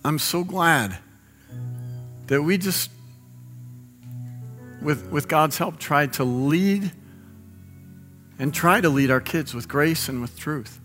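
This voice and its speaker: A middle-aged man preaches in a high, bright voice, rising into passionate, almost shouted peaks. His words echo with a long hall reverb, and soft music plays underneath. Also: slow pace, pauses often. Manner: passionate, building to near-shouting climaxes. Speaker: pastor. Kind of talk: sermon. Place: large hall. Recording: live sermon in a reverberant hall with music behind.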